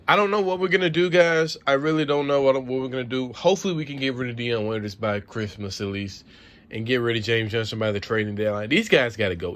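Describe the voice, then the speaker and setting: In his vlog, a man rants about sports, swearing and saying the same things over and over out of frustration. The voice is mid-range and a touch bright.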